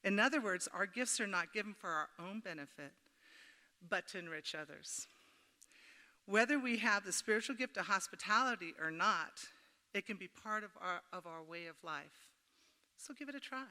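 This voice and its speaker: A woman's voice: medium pitch, lively intonation, normal speed, sharp tone. A middle-aged woman giving a folksy, chatty workshop talk at a women's church camp, telling homey stories and joking with the audience. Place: camp meeting hall. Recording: echoey hall.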